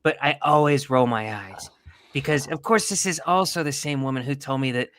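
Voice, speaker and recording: A man's voice: medium pitch, moderate pace, a bit bright. A young man co-hosting a casual podcast, blunt and profane with indignant outbursts. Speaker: podcast co-host. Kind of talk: casual chat.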